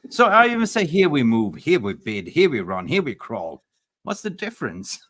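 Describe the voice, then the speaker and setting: A man hosting a casual fan live stream, excitable, laughing often and swearing freely. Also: mid-range voice, normal speed.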